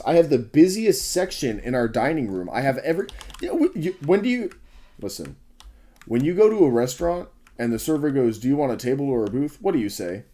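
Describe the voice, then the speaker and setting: A man's voice: on the high side, mellow. A young man telling a frustrated story about his restaurant shift, ranting and swearing freely in a casual vlog. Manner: mutters asides to himself while building in a game.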